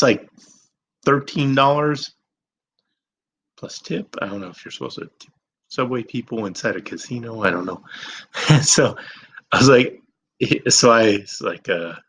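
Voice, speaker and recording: A man's voice: mid-range voice, fairly bright tone, slight background noise, low-quality recording. A young man telling a personal story in a rambling, self-deprecating way, swearing freely. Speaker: vlogger. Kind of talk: casual storytelling.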